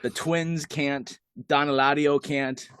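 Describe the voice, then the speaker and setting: A man's voice: fairly high pitch, level tone, fairly bright tone, clean tone, dry recording. Chatty man with a dry close sound. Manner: enthusiastic, chatty, quick asides. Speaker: podcast co-host. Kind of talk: casual chat. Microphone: video call.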